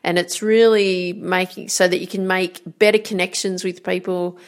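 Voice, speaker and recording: A woman's voice: lowish voice, flat delivery, normal speed. A woman giving an encouraging motivational talk as a coach, often checking in with "right?". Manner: encouraging, repeats "right?" and "guess what?". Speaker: golf and life coach.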